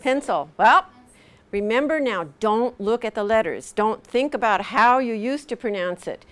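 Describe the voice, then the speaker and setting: Her voice sits on the high side, with a fairly bright tone and normal speed. She's a middle-aged teacher in a classroom with students, patiently showing them how to pronounce sounds and repeating them.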